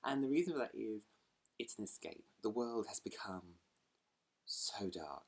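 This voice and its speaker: A man's voice: fairly low pitch, expressive, measured pace, husky. A man chatting casually to camera at home as a book vlogger, rambling between asides and laughing easily. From United Kingdom.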